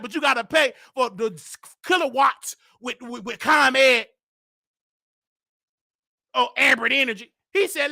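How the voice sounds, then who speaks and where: High-voiced man on a comic rant. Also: moderate pace, vocal fry. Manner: exaggerated, indignant, bursts of shouting. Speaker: comedic show host. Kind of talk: ranting comedic commentary.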